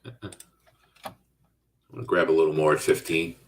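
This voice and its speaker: A man's voice: extremely low pitch, moderate pace, distant mic. A middle-aged man hosting a live trading stream, talking casually and answering viewer chat as he trades. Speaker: stock trading host.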